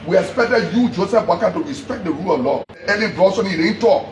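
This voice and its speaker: Very high-pitched Liberian man, angry and accusatory, repeats his points and shouts at times; echoey room, faint background noise. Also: expressive, quick pace. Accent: Liberian English. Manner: heated, accusatory, repeating himself, sometimes shouting. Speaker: politician. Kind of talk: angry public address.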